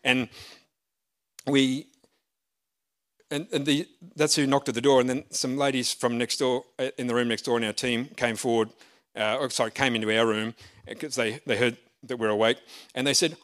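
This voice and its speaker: A man's voice: medium pitch, brisk, fairly bright tone. Man, middle-aged, pastor, sermon storytelling, chatty, self-deprecating, restarts often. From Australia.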